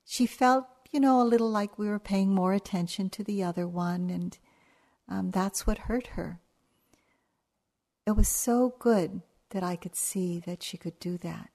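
In a retreat hall, an older woman with a medium-pitched voice gives a dharma talk as a meditation teacher. She tells stories gently and without hurry.

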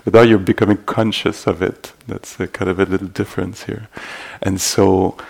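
Low and gravelly with an even tone, a male meditation teacher's voice comes out in hesitant, halting phrases. Fillers and mild asides run through his dharma talk, given in a retreat hall.

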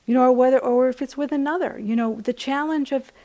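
A woman meditation teacher giving a gentle, conversational dharma talk at a retreat center, often saying "you know.". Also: high-pitched, fast.

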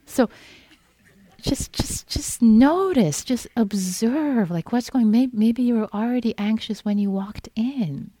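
A woman meditation teacher giving a gentle, repetitive dharma talk in which she acts out inner thoughts. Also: fairly high pitch, slow pace, no room sound. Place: meditation hall.

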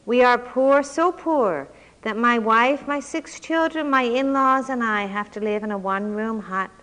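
A desperate poor man pleads in anguished bursts, as a woman reads his part aloud. The voice sits a little high with a forceful, bright tone. A long reverb trails each phrase, as in a big hall. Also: measured pace. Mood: pleading.

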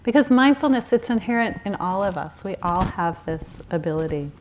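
A woman's voice: medium pitch, lively intonation, brisk, slight background noise. A woman in her forties giving a candid, laughing talk as a meditation teacher at a retreat. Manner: warm, candid, storytelling with laughs and self-corrections.

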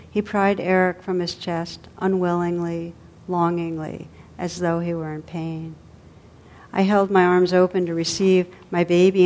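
A woman with a slightly low voice reads a story aloud. Her telling is measured and vivid, and she gives each detail its full weight. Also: darkish tone. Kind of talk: storytelling reading.

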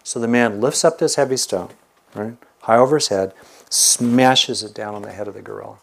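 A man teaching a meditation class, telling stories in a lively, animated way. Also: on the low side, normal speed, gravelly. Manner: animated storyteller. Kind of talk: dharma talk with storytelling.

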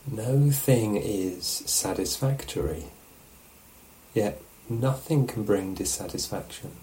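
A man teaching meditation, giving a relaxed, musing dharma talk at a retreat and often checking in with his listeners. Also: lowish voice, slow pace, a little hiss or hum, poor audio. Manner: reflective, musing, asks questions of the listeners. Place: meditation hall.

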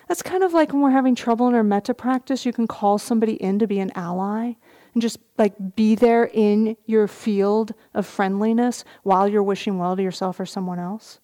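A middle-aged woman, a meditation teacher, giving a dharma talk at a retreat, telling a story gently with soft laughs. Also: mid-range voice, steady tone, a little fast.

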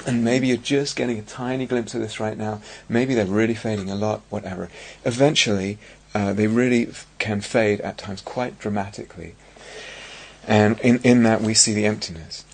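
A man giving a dharma talk as a meditation teacher on a retreat. He speaks slowly and searchingly, with many pauses and restarts. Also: fairly low pitch, fairly even intonation, gravelly, husky.

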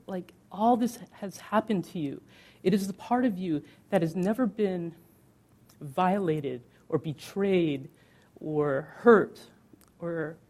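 A middle-aged woman from the United States gives a candid dharma talk as a meditation teacher. She talks conversationally with many fillers and slows down on key words. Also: lowish voice, mellow.

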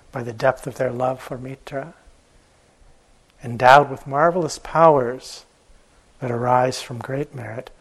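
A man, a meditation teacher, telling an old fable in a gentle, unhurried way during a morning talk. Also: medium pitch, slightly rough, rough recording.

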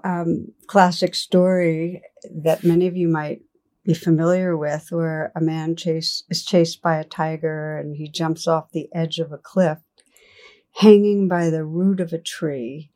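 A middle-aged woman gives a dharma talk in a gentle, reflective and personal way. Her voice is low and mellow, and she speaks slowly and unhurriedly. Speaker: meditation teacher.

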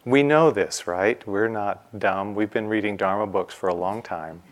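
A man teaching meditation in a relaxed dharma talk, asking the listeners rhetorical questions. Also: fairly low pitch, moderate pace. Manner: conversational, asks rhetorical questions. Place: retreat center.

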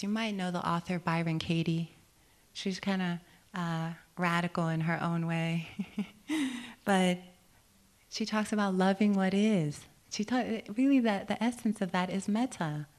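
A woman meditation teacher with a medium-pitched voice gives a dharma talk on retreat. She's gentle and reflective, often asking questions and laughing easily.

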